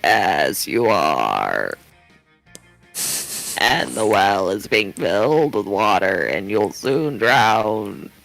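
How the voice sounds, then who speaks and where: A woman voicing a cackling female slayer villain, speaking in taunting, drawn-out menacing lines with a gravelly voice. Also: a bass voice, sing-song, fairly bright tone, faint music behind, voice pushed down, exaggerated voice.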